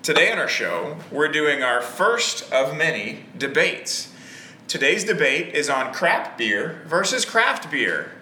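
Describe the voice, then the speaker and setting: A man hosts a casual podcast with a bright, lively voice that swings up and down a lot. Now and then he puts on a booming announcer delivery. The sound is echoey, with faint room ambience behind him. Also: slow, a little hiss or hum. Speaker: podcast host. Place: hotel or room on location.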